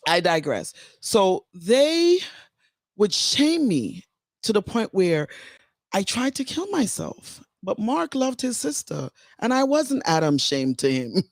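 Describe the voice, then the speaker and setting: A woman's voice: medium pitch, no echo, clean studio sound. Woman author holding back tears. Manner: candid, digressive, fighting back tears. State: close to tears. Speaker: author and guest. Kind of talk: emotional personal storytelling.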